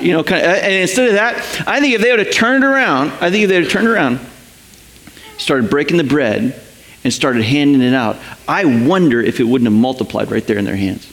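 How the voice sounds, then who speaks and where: In a fairly high pitch and at a brisk clip, a man preaches as a pastor. He brings his stories to life with animation and takes on the voices of those he quotes.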